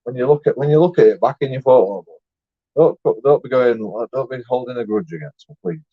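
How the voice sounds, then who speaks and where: A man's voice: mid-range voice, lively intonation, fast, breathy edge, no room sound. A man, a YouTube vlogger rambling in a boastful, jokey way, swearing and laughing as he talks. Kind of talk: casual rambling monologue. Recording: dull lo-fi dry sound.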